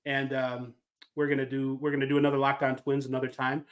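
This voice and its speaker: A man's voice: mid-range voice, completely flat delivery, quick pace. A man hosting a casual sports talk podcast, talking in a wry, rambling, self-deprecating way. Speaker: podcast host.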